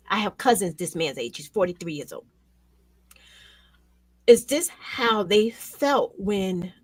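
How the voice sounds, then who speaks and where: Emotional woman host, swinging from loud to hushed. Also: on the low side, dry recording. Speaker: show host. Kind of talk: emotional commentary chat.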